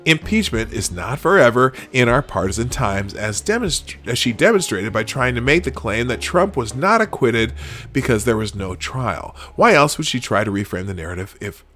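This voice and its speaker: A man's voice: mid-range voice, sing-song, normal speed, fairly bright tone. A man hosting a live show, casually reading headlines aloud and adding sarcastic, rambling commentary. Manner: rambling and sarcastic, with frequent fillers and restarts.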